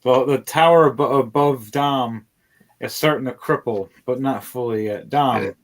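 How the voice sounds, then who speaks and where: Narrating a tabletop game as dungeon master, a man speaks in an unhurried mid-range voice. His delivery is loose and rambling, with fillers and the occasional curse.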